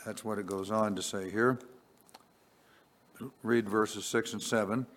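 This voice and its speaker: A man preaching a sermon, reading scripture slowly and deliberately, rising on key words and dropping quiet on asides. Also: on the low side, fairly even intonation. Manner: slow, deliberate, swells on scripture then drops quiet. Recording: long reverb.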